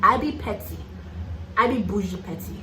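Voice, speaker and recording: A woman's voice: medium pitch, normal speed, bright, forceful tone, reverberant, slight background noise, low-quality recording. A young Nigerian woman with a Nigerian accent, chatting casually and sassily while getting ready, laughing often. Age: young adult. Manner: sassy, playful, laughs often, calls listener "honey". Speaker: YouTuber. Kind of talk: casual get-ready-with-me chat.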